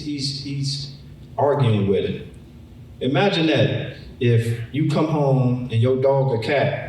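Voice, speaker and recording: A man preaching a Bible lesson in a conversational way, often repeating words and acting out the story. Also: mid-range voice. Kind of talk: sermon, Bible teaching. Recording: echoey room, mic far off.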